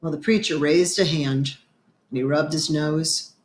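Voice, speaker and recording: A woman reading a children's novel aloud with expressive storytelling, now and then clearing her throat. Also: low-pitched, a little slow. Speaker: reader.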